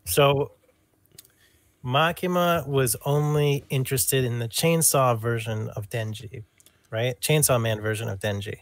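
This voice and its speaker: A man's voice: mid-range voice, fairly even intonation, a little slow, no room sound. A man on a casual podcast chat, talking things through hesitantly and asking puzzled questions. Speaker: podcast co-host.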